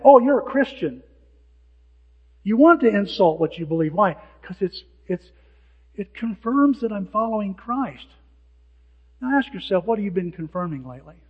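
A male pastor preaching a sermon in an animated way, acting out the lines of people who mock. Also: high-pitched, breathy edge. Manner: animated, acts out hecklers' lines. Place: church sanctuary. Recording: dull sound with long hall reverb.

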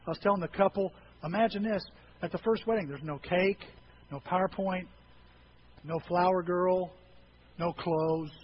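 Folksy preacher, high male voice. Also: steady tone, moderate pace, highs cut off, a little hiss or hum. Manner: folksy storytelling with jokes. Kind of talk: humorous sermon.

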